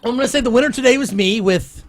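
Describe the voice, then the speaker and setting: A man hosting a comedy talk show, teasing guests and running silly games with quick laughs. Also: extremely high pitch. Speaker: show host. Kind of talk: playful game-show banter.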